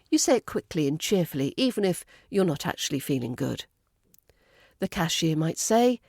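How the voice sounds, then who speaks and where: A woman's voice: mid-range voice, expressive, moderate pace, dark tone, dry recording, studio quality. A woman with a British RP accent, an accent coach reading a scripted lesson and modelling phrases carefully. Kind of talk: scripted teaching narration.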